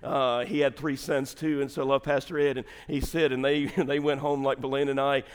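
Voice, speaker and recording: A man's voice: medium pitch, flat delivery, fairly quick, clear, resonant tone, long reverb tail. A middle-aged man, a pastor, telling a humorous family story in a chatty sermon, laughing often. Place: church sanctuary.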